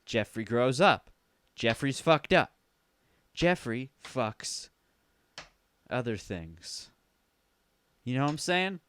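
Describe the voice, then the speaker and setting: A man with a mid-range, smooth voice hosts a casual solo podcast from his home basement, speaking slowly with long pauses. He jokes around and swears freely, staying animated, into a studio mic while monitoring through headphones.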